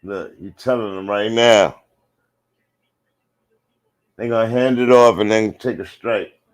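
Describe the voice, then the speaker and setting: With a fairly low voice, fairly even intonation and a slightly slow pace, this man delivers laid-back live commentary on the play. He uses slang, speaks right to his viewers, and shouts out loudly whenever something big happens.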